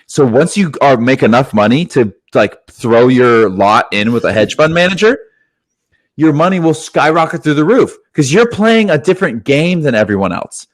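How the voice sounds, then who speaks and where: A young man co-hosting a casual podcast, talking excitedly and swearing often, with "dude" in every other sentence. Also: mid-range voice, moderate pace. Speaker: podcast co-host.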